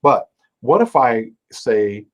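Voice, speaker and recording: A man's voice: mid-range voice, very animated, slow pace. A man teaching a live online music lesson on timing. He explains things patiently, counts beats aloud, scats rhythms and sings short bits of a folk song while he plays. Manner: explains timing with counting, scatting and sung demonstrations over his own playing. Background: his own dulcimer playing.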